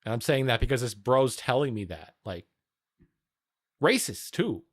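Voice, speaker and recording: Streamer man, mid-pitched, sardonic and profane, rambling casual rant on a dry mic. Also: very animated, unhurried, no room sound. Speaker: livestreamer reacting to news.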